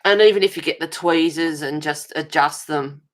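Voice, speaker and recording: Middle-aged woman, deep voice, chatty home livestream host, talks with viewers by name over a webcam, fussy about detail. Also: normal speed. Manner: chatty, answers viewers' comments with endearments; self-described fussy and pedantic. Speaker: livestream host of a colouring channel. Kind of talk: casual livestream chat. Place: home, at a table.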